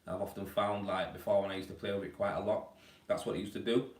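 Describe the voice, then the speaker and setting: Bloke chatting on a home live stream, lowish voice, bit far off the mic, echoey room. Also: male voice, steady tone, fast talker, darkish tone. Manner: chatty, blokey, calls viewers mate. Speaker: plasterer hosting a live Q&A. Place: indoors at home. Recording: roomy, distant from the mic.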